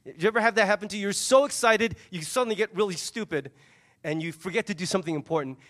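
A high-pitched man delivers a sermon with animated storytelling energy. He retells a scene, dropping into the voices of its people. His delivery shifts between quick asides to the congregation and slowed, emphatic moments. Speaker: pastor.

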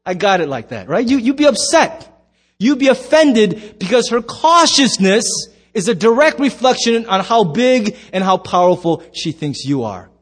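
High-voiced man preaching a lively sermon. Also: normal speed. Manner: animated storytelling, acts out voices and shouts. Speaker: pastor.

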